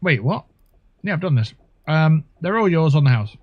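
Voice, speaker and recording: A man's voice: on the high side, sing-song, normal speed, muffled recording. A man hosting a livestream, talking in a rambling, crude, jokey way while he plays a game. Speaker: livestream host. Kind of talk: casual gaming livestream chat.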